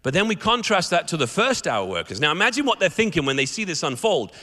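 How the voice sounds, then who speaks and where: A man's voice: on the high side, quick pace. A man giving a sermon as a guest preacher, telling stories animatedly and acting out the characters in them. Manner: animated storytelling, acts out the characters. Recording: echoey hall reverb.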